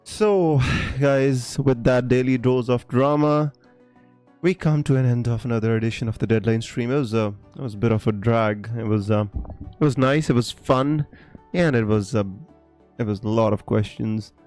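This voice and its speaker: This is a man hosting a fantasy football live stream, talking casually to his chat. He is theatrical and quick to laugh, swinging into loud exclamations. Faint music plays in the background. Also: mid-range voice. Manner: excitable, dramatic, laughs and exclaims often.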